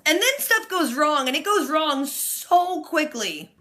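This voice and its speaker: A woman giving a casual, animated recap of a TV episode in slangy, excitable storytelling. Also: high voice, slow pace. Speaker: TV reaction host.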